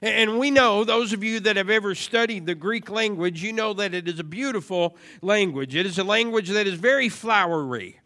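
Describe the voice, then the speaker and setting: A man preaching a sermon to a congregation, moving from steady teaching into loud, emphatic repetition. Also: high voice, normal speed, few pauses. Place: church service before a congregation.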